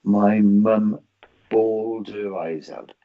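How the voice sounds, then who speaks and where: A man's voice: lowish voice, fairly even intonation, slow, crowd noise. A man, a psychic medium guest on a chat show, talking earnestly and repeating words as he gathers his thoughts. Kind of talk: casual chat, storytelling. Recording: dull, muffled sound.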